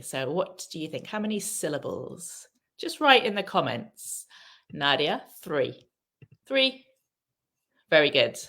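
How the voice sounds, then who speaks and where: A woman's voice: fairly low pitch, fairly bright tone. A woman teaching English on a live stream, asking viewers questions, reading out their comments and modelling pronunciation. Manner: reads viewer comments aloud and praises answers; asks the audience questions and stresses pronunciation.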